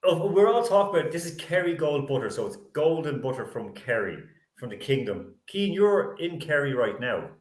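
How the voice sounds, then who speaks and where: A man hosting a sports talk show, animated and opinionated and laughing often. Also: on the high side, normal speed, roomy sound. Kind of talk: casual panel chat.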